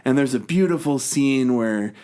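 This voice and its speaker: A man's voice: mid-range voice, expressive, warm tone, a little hiss or hum. Man recapping a film, casual and profane. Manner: loose, profane movie recap with quick quoted impressions. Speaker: podcast co-host. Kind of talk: casual chat.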